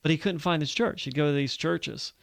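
A man's voice: fairly high pitch, vocal fry, dry recording. Earnest man teaching scripture. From Alabama. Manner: earnest and explanatory, reads scripture aloud slowly. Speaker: Bible teacher on a radio show. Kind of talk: conversational Bible teaching.

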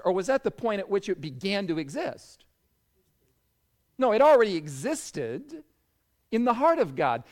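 A man preaching a sermon, telling a story and then walking his listeners through a scripture passage. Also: high voice. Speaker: pastor.

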